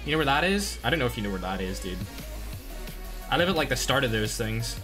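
A young man with a Northern Irish accent streaming a game live, reacting loudly and greeting chat in casual slang. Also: medium pitch, quick pace, music in the background. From Northern Ireland. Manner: excitable, slangy, swings between loud outbursts and muttering. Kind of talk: live gameplay commentary with chat shout-outs.

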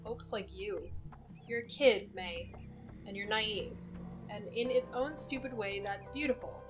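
A woman reading the lines of a stern female cop character from a video game, speaking slow, grave warnings. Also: mid-range voice, over music, lightly acted. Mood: ominous. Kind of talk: reading game dialogue aloud.

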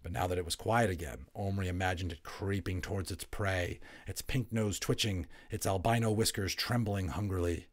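A man narrating a children's novel aloud, expressive and building tension, dropping to hushed tones in quiet moments. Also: low-pitched, moderate pace, hardly any pauses. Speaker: audiobook narrator. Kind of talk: storybook read-aloud narration.

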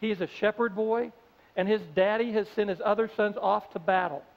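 A pastor preaches a sermon in a conversational, storytelling way, slipping into the voices of his characters. His high voice is creaky, a little fast and fairly even in intonation. The audio sounds dull, with long reverb from a large church hall.

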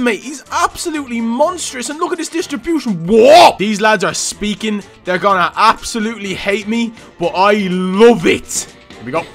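A young man giving loud, boastful live commentary over his own gameplay, often laughing and shouting. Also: high voice, normal speed, faint music behind. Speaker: gaming youtuber.

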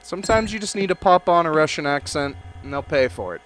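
Man, gaming commentary, high voice, lively swings in pitch, loud, sweary jokes. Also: fast, few pauses. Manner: loud, sweary and joking, talks to game characters. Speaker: gaming video creator. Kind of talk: let's play commentary.

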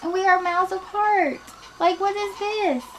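A young woman telling a storytime vlog, animated and sassy, laughing often, recorded on a laptop webcam at home. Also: very high voice, normal speed, faint music behind. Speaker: vlogger.

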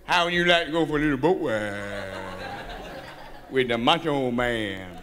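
Brief: stand-up comic playing a drawling, stammering lowlife, low, bright-edged voice. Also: male voice, expressive, a little slow, in a large hall. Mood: smug. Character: lowlife boat-owning man, bashful turned cocky. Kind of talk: stand-up comedy.

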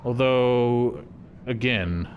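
A man streaming a video game, cursing and yelling at the enemies with frustration. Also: medium pitch, very slow, lo-fi sound, slight background noise. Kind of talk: live game commentary.

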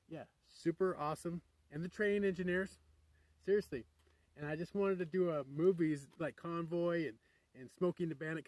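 A man's voice: a little high, no echo, poor audio. A man talking to camera in a rambling, upbeat, digressive vlog. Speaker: vlogger. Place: outdoors near a crater with trains passing.

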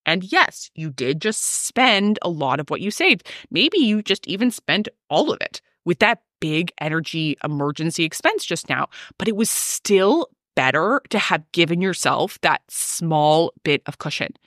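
A woman's voice: on the low side, big pitch swings, unhurried, few pauses, fairly bright tone, dry recording, clean studio sound. A woman hosting a solo podcast, coaching her listeners in an emphatic, ranty way.

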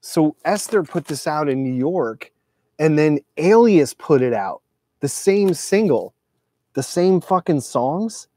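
Here a man in his forties chats casually about his records in a warm, expressive, rather high voice, speaking slowly with no echo. He curses a lot, drifts off topic and leans on filler words.

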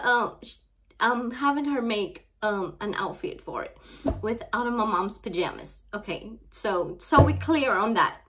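A craft channel host with a Louisiana Southern accent and a fairly high voice is filming an unboxing vlog. Holding back tears, she speaks softly and haltingly in a shaky voice, with many fillers.

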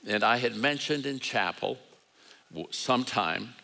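A man's voice: medium pitch, lively intonation, measured pace, sharp tone, low-quality recording. An older man delivering a sermon, telling stories in a conversational way and acting out the voices in quoted dialogue. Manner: conversational, acts out voices in quoted dialogue, self-deprecating humor. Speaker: guest preacher. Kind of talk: sermon with storytelling.

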